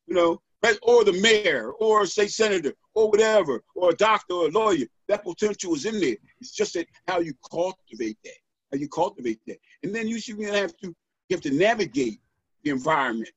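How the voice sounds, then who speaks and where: A middle-aged man talking as a podcast guest and author, animated and preacherly, checking in with "right?" as he goes. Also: high-pitched, husky, no echo. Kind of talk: motivational podcast conversation. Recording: dull, dry lo-fi audio.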